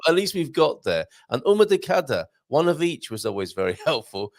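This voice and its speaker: A man's voice: fairly high pitch, big pitch swings, a little fast, vocal fry, no room sound, studio quality. A man hosting a casual live chat show, encouraging his guest and asking questions. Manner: encouraging, chatty interviewer. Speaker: host.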